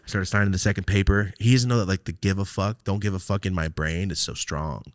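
A man hosting a podcast, telling a story in a profane, animated way and acting out both sides of the exchange. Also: sits low, fast talker, no room sound, studio quality. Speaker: podcast host. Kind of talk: casual storytelling chat.

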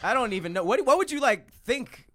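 A man's voice: very high voice, very animated, fairly quick, fairly bright tone, no echo, studio quality. A man co-hosting a podcast, giggly and teasing in casual chat, with others laughing nearby. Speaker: podcast co-host.

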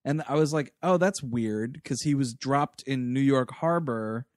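A man co-hosting a casual movie podcast, sarcastic and animated, acting out scenes as he talks. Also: mid-range voice, moderate pace, no room sound, clean studio sound. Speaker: podcast co-host.

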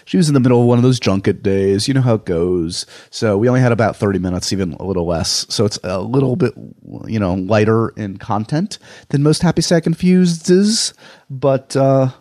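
A man's voice: mid-range voice, brisk, dark tone, dry recording, studio quality. A man with a New York accent hosting a podcast, talking in a rambling, self-deprecating, chatty way. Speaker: podcast host. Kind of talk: casual podcast monologue.

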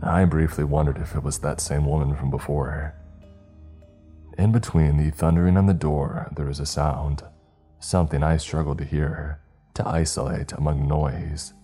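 A man reads a horror story aloud in a measured, hushed delivery. His voice is extremely deep, dark and husky. Faint music plays underneath. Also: fairly even intonation. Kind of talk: scripted horror narration.

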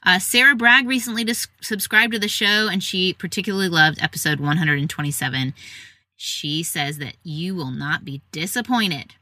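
A woman, hosting a podcast and chatting casually as she reads out listener reviews with quick asides. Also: on the low side, pushed and bright, no room sound. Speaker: podcast host.

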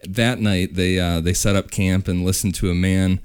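Deep-voiced man telling a story. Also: normal speed, clean tone. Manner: relaxed, with fillers and restarts. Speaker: podcast host. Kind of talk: casual storytelling.

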